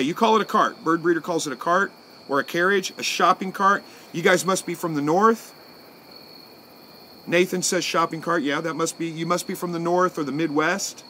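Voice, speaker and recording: Crickets chirp over a faint hiss as a man in his forties from Southwest Missouri responds to viewer comments on a live stream. He thinks out loud in an easygoing, folksy manner, his voice sitting a little high for a man.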